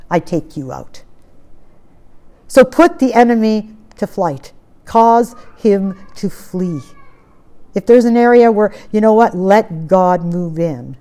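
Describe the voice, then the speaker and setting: A woman preaching a sermon with impassioned, emphatic exhortation, swinging from loud declarations to hushed low asides.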